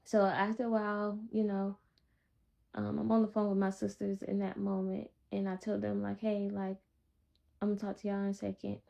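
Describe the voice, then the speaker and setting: A woman telling a personal testimony in a calm, blunt, straightforward way. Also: medium pitch, moderate pace, creaky. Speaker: vlogger sharing a personal testimony. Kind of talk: casual storytelling. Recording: dull lo-fi recording.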